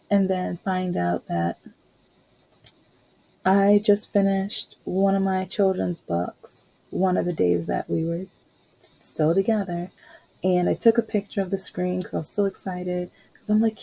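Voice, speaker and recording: A woman's voice: lowish voice, flat delivery, normal speed, gravelly, warm tone, husky, rough recording. A young adult woman hosting a podcast, chatting casually and rambling through a personal story with frequent laughs. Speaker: podcast host.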